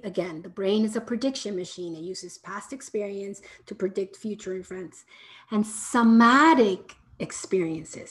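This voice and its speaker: A woman who is a parenting educator, explaining in a live question-and-answer talk and often checking in with "right?", sometimes in a soft, soothing tone. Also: medium pitch.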